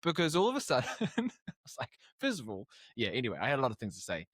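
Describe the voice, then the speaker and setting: Talking fast at a medium pitch, a young man with a New Zealand accent appears as a podcast guest for a casual storytelling chat. He's animated, acting out the dialogue in his stories, and the studio-quality recording has no echo.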